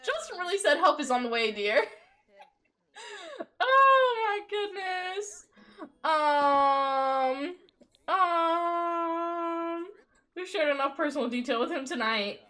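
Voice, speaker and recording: A young woman, live-streaming and commenting on her game in an excitable, gossipy way, swearing freely and breaking into laughter. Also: very high voice, takes it slowly, long pauses.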